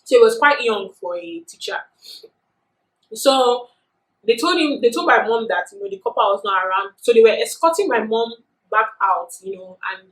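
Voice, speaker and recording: A young woman with a Nigerian accent telling a story in a chatty, animated vlog, filling her talk with "you know". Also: medium pitch. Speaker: vlogger. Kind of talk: casual storytelling. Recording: echoey room.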